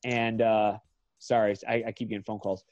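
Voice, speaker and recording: A man's voice: lowish voice, little pitch movement, normal speed, darkish tone, no room sound, highs cut off. A man in his thirties, an MMA fighter guesting on a podcast, telling a long story in a loose, profane way and often correcting himself mid-sentence.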